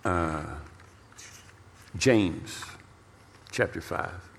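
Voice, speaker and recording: A male pastor preaching a storytelling sermon in an animated way, repeating words for emphasis. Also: low-pitched, extremely slow, vocal fry, a little hiss or hum. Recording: long reverb of a large hall.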